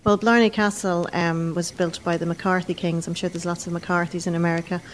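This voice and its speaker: Brief: Irish woman gardener, low flat delivery, faint rumble behind, matter-of-fact interviewee. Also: a little fast, rough recording. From Ireland. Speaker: head gardener. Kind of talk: interview answers.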